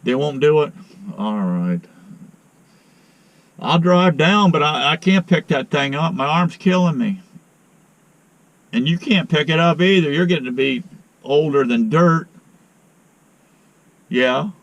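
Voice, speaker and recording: A man's voice: on the high side, lively intonation, slow, pauses often, no room sound. A middle-aged man with a sore arm, talking in a folksy, rambling way to his viewers and getting exasperated on a phone call. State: sore arm after a shot. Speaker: outdoor vlogger and beekeeper. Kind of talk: casual vlog talk to viewers.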